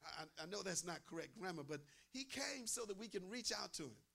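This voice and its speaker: Male preacher, high and gravelly, emphatic sermon delivery with repeated phrases. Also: expressive, fairly quick, bright, forceful tone. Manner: emphatic, repeats phrases, asks the crowd "amen?".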